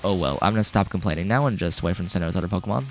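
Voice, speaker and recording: A man's voice: low-pitched, very fast, faint music behind. A man giving casual, rambling commentary while he plays through a game. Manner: rambling, chatty, self-correcting. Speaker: game walkthrough host.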